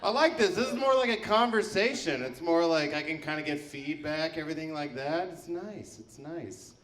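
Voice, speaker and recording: Male comic, deadpan delivery, raised pitch, live in an echoey venue. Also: normal speed. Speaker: stand-up comedian. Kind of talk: stand-up comedy set.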